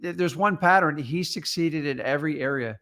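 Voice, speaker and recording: Middle-aged male co-host, earnest storytelling coach, fairly high voice. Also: normal speed, pushed and bright. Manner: earnest, storytelling, hesitant fillers. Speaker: real estate coach, co-host. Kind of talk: motivational talk.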